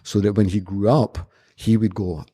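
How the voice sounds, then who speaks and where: In a casual, conversational interview, a martial arts instructor from Scotland rambles earnestly through anecdotes, frequently starting over. He speaks at normal speed with a flat delivery, and his voice is on the low side, dark, with a breathy edge.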